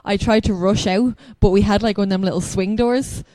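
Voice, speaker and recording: Woman, podcast guest, giggly embarrassed storyteller, mid pitch. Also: steady tone, brisk, dark tone, no echo. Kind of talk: casual chat.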